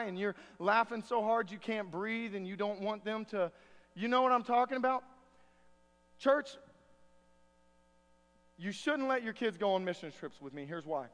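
Pastor, male, high voice, folksy and joking, heard in a church with long reverb. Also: fairly bright tone. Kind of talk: sermon.

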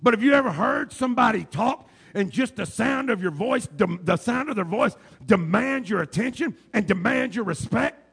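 A man preaching a sermon with a big, booming voice that rides high and swings wildly in pitch. The tone is rough and gravelly and very hoarse throughout. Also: animated, normal speed, hardly any pauses. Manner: shouting preacher, swings from loud to low asides. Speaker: pastor.

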